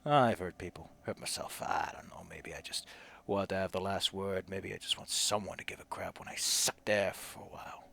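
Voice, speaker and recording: A man voicing a weary, hard-drinking man who leaves a grim recorded farewell, speaking low and half-whispering. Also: steady tone, normal speed, creaky, pushed and bright, exaggerated voice. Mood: rueful.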